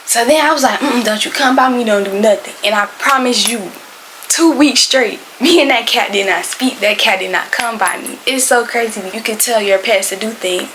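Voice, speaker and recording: A young adult woman telling a storytime tale in casual slangy speech, loud and animated, acting out what people said. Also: on the high side, normal speed, noisy background. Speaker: storytime vlogger.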